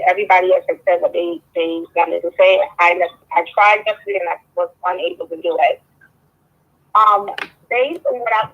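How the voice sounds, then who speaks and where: A woman's voice: mid-range voice, dull audio. A woman guest explaining her side of a dispute in a live stream, hesitant with many ums and restarts.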